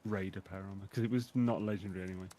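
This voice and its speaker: A man's voice: sits low, fairly even intonation, racing, background noise. A man chatting casually with a friend during a game, laid-back and hesitant with fillers. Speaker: co-player. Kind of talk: casual chat while gaming.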